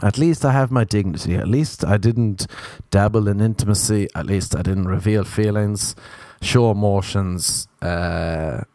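A man's voice: fairly low pitch, a little slow, warm tone, dry recording. A young Irish man doing a rambling, sarcastic, self-mocking comedic monologue. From Ireland.

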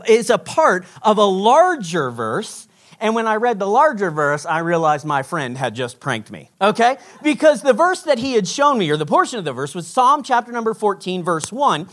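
Man, pastor, sermon, animated storytelling, lively swinging pitch. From Texas. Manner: storytelling, animated, acts out quotes.

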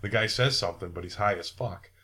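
A man hosting a casual podcast chat, laid-back and profane, who breaks into loud mock voices. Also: on the low side, fast talker, slightly rough. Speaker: podcast host.

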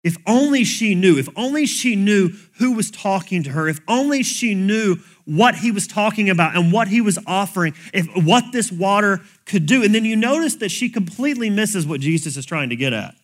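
A man's voice: high voice, animated, moderate pace, hardly any pauses. A man preaching a sermon in a conversational, plain-spoken way. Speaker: pastor.

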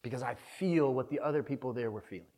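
A man's voice: mid-range voice, quick pace, dark tone. A man preaching a conversational sermon, telling a personal story in an earnest, candid way that swells with feeling.

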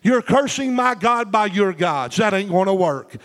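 A man's voice: sits high, animated, moderate pace, fairly bright tone. A man preaching voices a defiant young shepherd who answers a giant with folksy bravado. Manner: brash, folksy challenge.

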